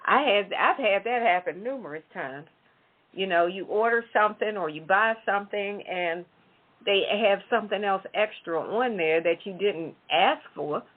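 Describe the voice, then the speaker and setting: A woman co-hosting a talk show, chatting casually and answering in a measured, reflective way. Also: medium pitch, lively intonation. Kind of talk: casual chat. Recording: phone-like lo-fi audio.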